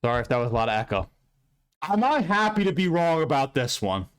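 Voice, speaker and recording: A man giving a casual, profane and rambling recap of a fight card, with bursts of excitement. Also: a little high, a little fast, a little hiss or hum. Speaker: MMA commentator recapping fights.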